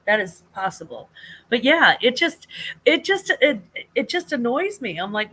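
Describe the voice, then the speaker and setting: An older woman, a grandmother, hosting a casual live chat, rambling warmly with many fillers, restarts and frequent laughs. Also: fairly high pitch, lively intonation, moderate pace, slight background noise. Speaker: livestream host.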